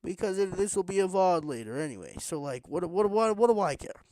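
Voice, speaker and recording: A man's voice: sits high, big pitch swings, brisk, mellow, dry recording. A man streaming a block-building game late at night, rambling to himself in a tired, casual way while he builds. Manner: rambling, self-talking, tired but pushing energy.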